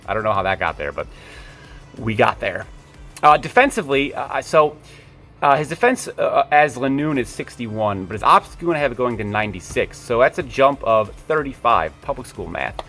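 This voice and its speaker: A man's voice: mid-range voice, lively intonation, normal speed, bright, forceful tone, faint music behind. A man talks casually to camera in a mid-range voice. He rambles and drifts into tangents. He stops to correct himself and swears now and then without much weight. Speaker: video creator.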